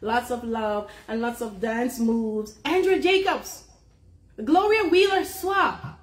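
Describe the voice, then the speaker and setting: A woman's voice: on the high side, slow, roomy sound. A woman hosting a casual livestream on a phone in a holder, laughing often as she reads out viewer names. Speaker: livestream host.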